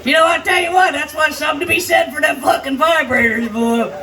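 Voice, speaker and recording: An older woman belts out crude stand-up comedy in a high, brash voice, hammering her punchlines. She sounds far from the mic, with a loud party crowd and noise all around. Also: fairly even intonation, fairly quick. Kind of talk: raunchy live stand-up. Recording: live stage sound, distant, crowd noise. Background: noisy party crowd.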